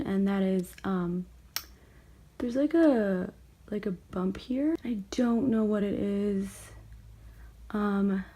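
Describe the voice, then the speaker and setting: A woman's voice: medium pitch, dark tone. Young adult woman from Canada, casual vlogger; hesitant, filler-heavy, conversational delivery. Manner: chatty, hesitant, many fillers. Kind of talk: casual vlog update to camera.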